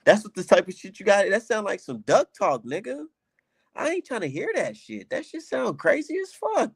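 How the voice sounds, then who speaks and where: A man's voice: sits high, very animated, moderate pace, creaky, husky. A male streamer giving profane, mocking reaction commentary and laughing often.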